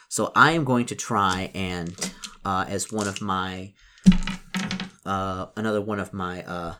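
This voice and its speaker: Man, slightly low voice, narrating a solo tabletop game and dice rolls; halting, stop-start delivery. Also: fairly bright tone. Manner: halting, full of repetitions and restarts. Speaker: solo tabletop role-player.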